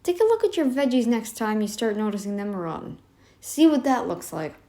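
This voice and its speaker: A woman with a slightly high voice talks straight to her viewers in a casual commentary. She is emphatic and sarcastic, and she keeps piling up rhetorical questions. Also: big pitch swings, fairly quick, mellow. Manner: sarcastic, addresses listeners directly. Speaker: reaction channel host.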